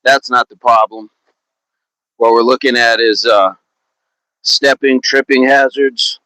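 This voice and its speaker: An upbeat man chats casually through an outdoor fitness live stream in a park. He greets viewers by name and repeats his words as he warms up. His voice sits at an ordinary pitch and sounds dry and close, with no echo. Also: steady tone, slow. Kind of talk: casual live-stream chat while warming up.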